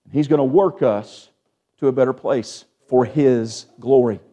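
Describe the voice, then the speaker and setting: A man preaching a sermon as pastor, asking the congregation for amens and dropping from raised, urgent lines to hushed ones. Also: medium pitch, unhurried, dull audio. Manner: Southern-tinged preaching with call-and-response "amen?", swings from hushed to raised.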